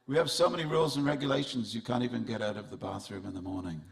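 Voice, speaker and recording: Gravelly man giving a humorous sermon. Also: mid-range voice, quick pace. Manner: humorous storytelling, addresses the audience directly. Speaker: speaker at a temple festival. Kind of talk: festival sermon. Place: temple hall with audience.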